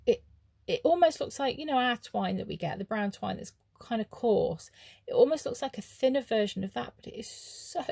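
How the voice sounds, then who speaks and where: A craft vlogger unboxes handmade cards and gushes over each one. Her voice sits slightly high, with a gravelly fry at the ends of phrases. The sound is close and dry. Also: no room sound. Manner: gushing, lots of soft oohs and ums. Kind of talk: casual unboxing chat.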